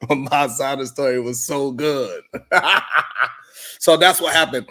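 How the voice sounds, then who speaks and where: A man hosting a live stream show, telling a comedic story in an animated, profane way. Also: medium pitch, a little slow. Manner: animated and profane, often laughing.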